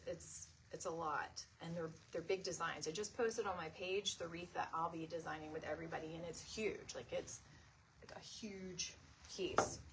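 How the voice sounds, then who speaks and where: A middle-aged woman hosting a casual live craft stream, chatting to viewers by name and laughing often. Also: background noise. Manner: animated, jumps to high pitch when retelling stories. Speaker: craft livestream host.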